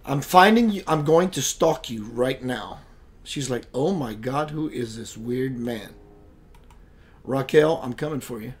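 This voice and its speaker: A man's voice: mid-range voice, animated, moderate pace, slight background noise. A man hosting a spiritual web radio show, chatting casually and playfully, greeting viewers by name and laughing often. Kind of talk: casual livestream chat.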